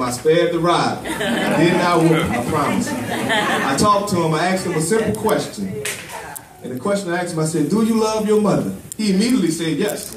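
A man preaching a sermon to a congregation, telling a story and drawing call-and-response. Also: fairly high pitch. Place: church with congregation. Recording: echoey church from far off with congregation.

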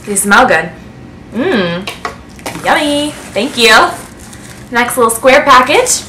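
A woman in a casual beauty vlog, unboxing gifts to camera and gushing with excitement. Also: fairly high pitch, slow pace, a little hiss or hum. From United States. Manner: gushing, excitable, breathless with delight. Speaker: beauty vlogger. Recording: echoey room.

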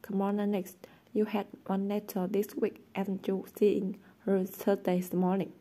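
A woman's voice: mid-range voice, completely flat delivery, a little slow, dark tone, close to an everyday voice. Woman voicing Toby, an indignant teen boy. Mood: teasing. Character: indignant, good-natured teenage boy friend.

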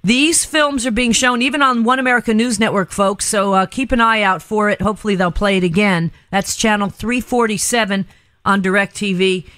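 A woman hosting a talk radio show, chatty and quick to laugh. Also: medium pitch, steady tone, a bit bright, no room sound. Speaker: radio host. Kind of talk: casual talk radio chat.

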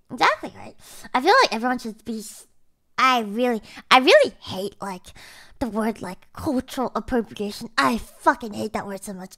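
High, lively woman streamer chatting. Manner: swears casually, breaks into loud laughter. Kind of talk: casual livestream chat, reading chat aloud.

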